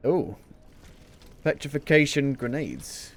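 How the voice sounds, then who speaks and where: A man's voice: medium pitch, animated, unhurried, pauses often. A man giving casual, jokey live commentary while playing a video game, often muttering to himself. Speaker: gameplay streamer.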